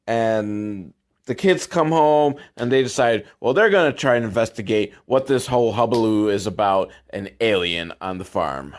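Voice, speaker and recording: Here a podcast host, a man with a normal male pitch, sarcastically picks apart a movie he's plainly tired of watching, rambling from one grievance to the next.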